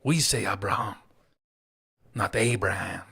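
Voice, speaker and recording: A man's voice: fairly low pitch, normal speed, a bit bright, breathy edge. A man putting on the voice of a smug, coaxing older statesman who lectures in a patronizing way.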